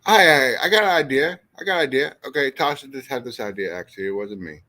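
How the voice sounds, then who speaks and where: Speaking fast in a mid-range voice, this man chats loosely with viewers on a livestream. His talk is rambling, animated and full of profanity as he addresses chat.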